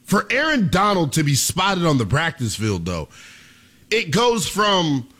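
A young man hosting sports talk radio, delivering a theatrical monologue that he keeps addressing to the listeners as ladies and gentlemen. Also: on the high side, huge pitch swings, measured pace.

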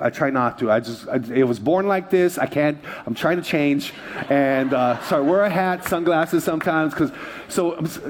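A man preaching a sermon to his church, conversational and joking with the congregation. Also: medium pitch. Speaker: pastor.

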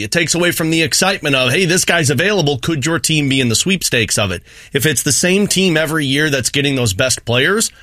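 Cohost radio pria bersuara tajam. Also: male voice, mid-range voice, dry recording, clean studio sound. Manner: candid, animated, explains his frustration. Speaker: sports radio co-host. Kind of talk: sports talk radio.

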